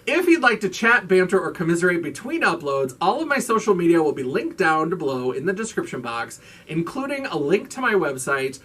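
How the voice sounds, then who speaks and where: A man's voice: sits high, very animated, a little fast, hardly any pauses, fairly bright tone, breathy edge, distant mic. A man hosting his own vlog in casual chat, gushing and campy, swearing freely as he raves. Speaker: vlogger host.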